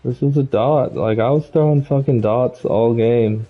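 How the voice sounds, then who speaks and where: A man's voice: mid-range voice, a little slow, narrow, tinny audio, soft background music. A man streaming a football video game, ranting with constant swearing about the plays. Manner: angry, profane ranting, rising to shouts at plays. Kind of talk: live gameplay commentary.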